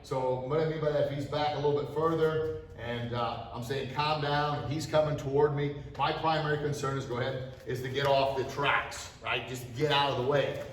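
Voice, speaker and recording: Energetic martial arts instructor, echoey room. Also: male voice, medium pitch, fairly quick, distant mic, slight background noise. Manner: energetic, shouts sharp strike cries. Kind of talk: demonstrating self-defense to students. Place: martial arts studio, indoors. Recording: echoey studio, voice from off-mic.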